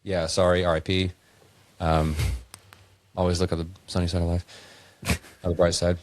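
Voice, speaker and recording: A man's voice: deep voice, flat delivery, moderate pace. A man co-hosting a casual comedy podcast, reading scripture verses aloud and then riffing on them with wordplay jokes. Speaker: podcast co-host.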